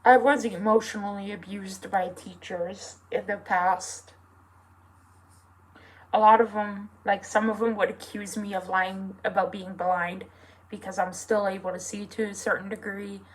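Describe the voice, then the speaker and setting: A young adult with a feminine voice speaking in an earnest, halting way, full of fillers and close to tears at times. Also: female voice, mid-range voice, flat delivery, low-quality recording. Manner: emotional, near tears at times. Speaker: vlogger. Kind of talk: personal confessional vlog.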